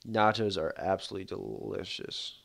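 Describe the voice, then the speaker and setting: A man with a fairly low voice hosts a casual livestream, commenting on a game as he goes. His talk is rambling and laid-back, packed with fillers and easy asides. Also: moderate pace, creaky, fairly bright tone. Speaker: streamer.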